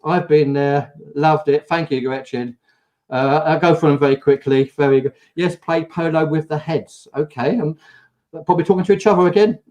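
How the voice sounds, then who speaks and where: A man from England hosting a casual live show, spinning a lively story and putting on the voices of the people in it. His voice sits a little high for a man. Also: moderate pace, lo-fi sound. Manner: animated, acts out quotes. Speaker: host.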